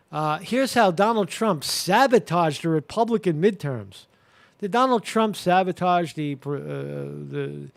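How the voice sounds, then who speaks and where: A man's voice: a little high, gravelly. A man hosting a live commentary show, talking casually with many fillers, restarts and crude language. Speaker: show host.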